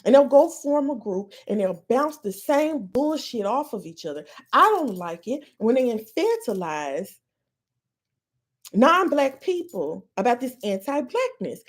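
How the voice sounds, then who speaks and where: Husky, animated woman ranting. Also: fairly high pitch. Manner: heated, profane, fast ranting. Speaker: podcast host. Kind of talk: live-stream rant.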